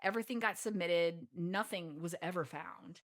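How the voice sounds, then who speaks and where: An American woman guesting on a podcast tells a travel story in a chatty way, peppering her speech with "like" and dramatically acting out her own past lines. Her voice is on the low side at a moderate pace.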